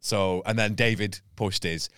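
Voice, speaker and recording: A man casually telling a sweary, animated anecdote and imitating other people's voices. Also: fairly low pitch, unhurried, clean tone, dry recording, clean studio sound. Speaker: comedian guest. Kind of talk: casual storytelling chat.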